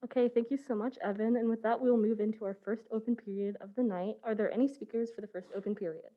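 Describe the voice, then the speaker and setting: A woman's voice: on the high side, steady tone, dull audio. Young woman chairing a student senate. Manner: reads prepared statements, then runs the agenda briskly. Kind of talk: presiding over a formal meeting.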